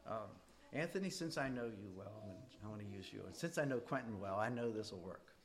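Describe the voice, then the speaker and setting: In a classroom faith lesson, a middle-aged man chats with his class and puts questions straight to the students. He speaks fairly quickly in a lowish, expressive voice whose pitch swings up and down a lot.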